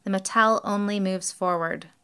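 A woman's voice: medium pitch, steady tone, normal speed, a bit bright, clear, resonant tone, close to an everyday voice. A woman voicing a cheery, carefree young woman who manages a motel, speaking in a breezy, unbothered way.

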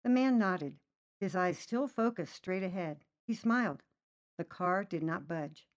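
A woman reading a short story aloud, narrating lively and voicing the characters' lines herself. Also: measured pace. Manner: lively, voices characters with raised pitch. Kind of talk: storybook narration with acted dialogue.

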